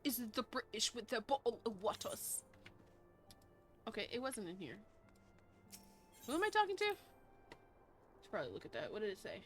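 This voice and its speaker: A woman's voice: a little high, sing-song, normal speed, long pauses, a bit bright, faint music behind. A young adult woman streaming a video game in casual commentary, swearing freely and mock-reading the dialogue aloud.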